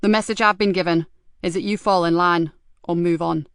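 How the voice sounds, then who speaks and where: A woman narrator voicing a gruff, loyal male police superintendent who speaks bluntly and firmly. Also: lowish voice, fairly even intonation, brisk, no echo, clean studio sound, natural voice. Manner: blunt, firm.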